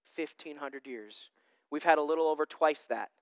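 A young man preaching a sermon as a pastor, conversational and self-deprecating, with lively asides. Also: on the high side, moderate pace, clean tone, dry recording.

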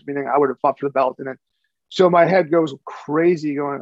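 Podcast co-host, male, gravelly and a bit high, rambling casual chat, dry dull recording. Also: fairly even intonation, fairly quick, dry recording. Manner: rambling, repeats words while thinking.

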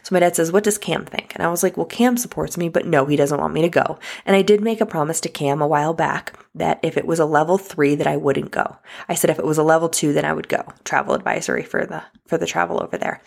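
A woman talks straight to her viewers, telling a personal story in a loose, chatty way. Her voice sits low and has a gravelly fry. She restarts her sentences often and fills them with "like.". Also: fast talker, hardly any pauses, darkish tone. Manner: chatty, many likes and restarts, addresses viewers as guys and y'all. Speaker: vlogger.

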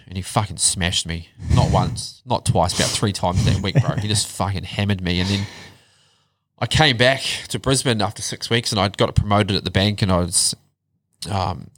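A man telling his life story in a casual chat, blunt and animated, swearing heavily. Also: sits low, no room sound. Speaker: podcast guest.

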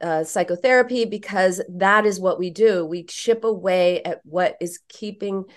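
Animated, emphatic woman therapist. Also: fairly low pitch, moderate pace. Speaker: psychotherapist. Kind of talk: storytelling in a podcast interview.

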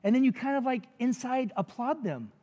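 A man's voice: very high voice, very animated, moderate pace, dark tone, big-room sound, lo-fi sound. A man preaching a sermon as pastor, conversational and jokey, with frequent asides to the congregation.

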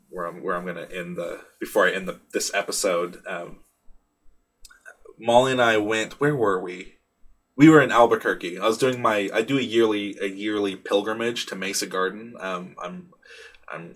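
A young man with a fairly low voice hosts a solo podcast. He talks in a loose, rambling, candid way and swears freely as he tells his story. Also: a bit bright. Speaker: podcast host. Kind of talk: casual solo podcast monologue.

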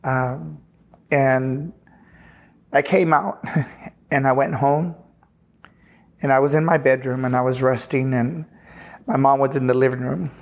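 A pastor from Texas telling his personal testimony in an earnest, halting way, often restarting sentences and retelling conversations. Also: mid-range voice, steady tone, creaky. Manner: earnest, halting, with frequent restarts and retold dialogue.

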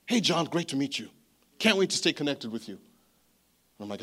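A man preaching a sermon, telling a story in an animated, chatty way that often repeats words. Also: mid-range voice, normal speed, breathy edge. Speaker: pastor.

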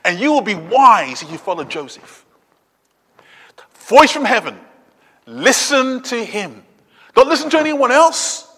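A man preaching a sermon, swinging between loud urgent appeals and quiet, low asides. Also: animated, normal speed, long pauses, slightly rough, long reverb tail.

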